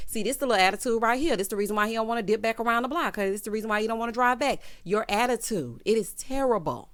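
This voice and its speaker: A woman talks through a TV episode in a sassy, chatty recap. Her pitch swings widely as she acts out lines. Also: lively intonation, very fast, hardly any pauses. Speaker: TV recap host. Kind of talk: casual recap commentary.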